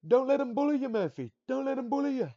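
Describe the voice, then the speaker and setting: A man voicing a fired-up male corner coach who shouts pep-talk orders at his fighter in a put-on Scottish or Irish accent. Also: extremely high pitch, expressive, fast talker, pitched above the performer's own voice. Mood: urgent, shouting. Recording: dull lo-fi audio.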